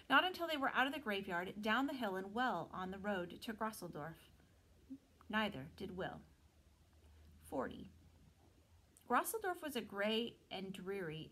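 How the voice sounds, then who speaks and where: A woman's voice: medium pitch, poor audio. Woman teacher reading a novel aloud. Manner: expressive storytelling.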